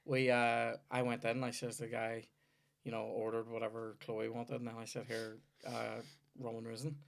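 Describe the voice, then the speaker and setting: Man, Northern Irish accent, middling pitch, podcast host, rambling sweary storytelling. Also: completely flat delivery, fairly quick, vocal fry. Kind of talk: casual comedy podcast chat.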